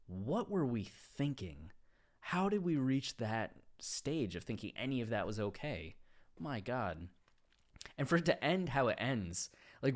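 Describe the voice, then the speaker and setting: Male host, fairly low voice, casual book-talk monologue, lively anecdotes with frequent laughs. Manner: animated storyteller, laughs often mid-sentence.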